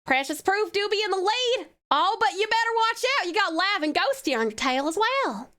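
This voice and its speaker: A woman's voice: very high voice, big pitch swings, moderate pace, fairly bright tone, heavily acted. A woman streamer putting on a folksy US Southern accent as a playful persona during live game commentary. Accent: US Southern, put on. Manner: folksy, drawling, affectionate.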